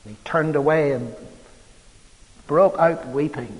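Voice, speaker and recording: A man's voice: fairly high pitch, takes it slowly. A man preaching a sermon, telling a story dramatically with strong emphasis. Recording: long reverb of a large hall.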